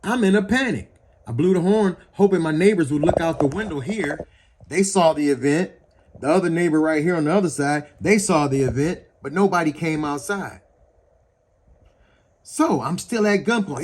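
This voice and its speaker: Man, slightly high-pitched, agitated, profane, outdoors. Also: a little mellow. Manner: heated, profane, pointing things out as he talks. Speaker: person recounting a police encounter. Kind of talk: agitated first-person account. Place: outdoors in front of his house.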